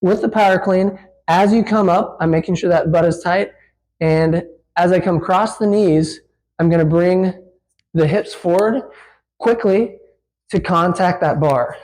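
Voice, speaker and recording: This rough recording features a man with a high-pitched, somewhat slow and mellow voice. He's a physical therapist demonstrating a lift in a gym, explaining things casually with lots of fillers and growing breathless as he works through the instructional demo.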